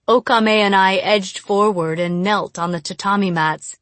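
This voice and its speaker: A woman's voice: medium pitch, animated, unhurried, a bit bright, no room sound. A woman reading a first-person story aloud as an audiobook narrator.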